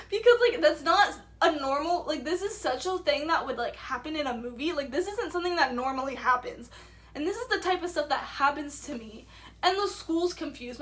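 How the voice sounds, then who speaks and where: Young female vlogger, high bright voice, rambling casual storyteller. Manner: rambling, says "like" a lot, acts out quotes.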